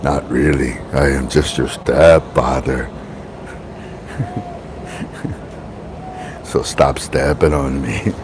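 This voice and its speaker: A man doing a deep, slow dark-lord voice. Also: background noise, exaggerated voice. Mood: mock menace. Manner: joking, deep drawn-out delivery.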